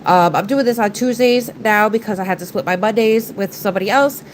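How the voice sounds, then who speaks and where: A woman's voice: medium pitch, a little fast, a little hiss or hum, poor audio. A woman hosting a nail art live stream, talking in a chatty, rambling way through a stuffed-up, nasal voice. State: congested, nasal. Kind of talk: casual live-stream chat.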